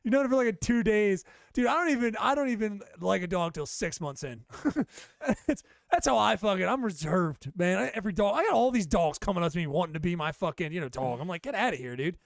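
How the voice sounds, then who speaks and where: Sarcastic young man, lively pitch. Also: quick pace, gravelly, no room sound, studio quality. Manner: sarcastic deadpan teasing, swears, drops to mumbled asides. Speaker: podcast co-host. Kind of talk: casual comedic banter.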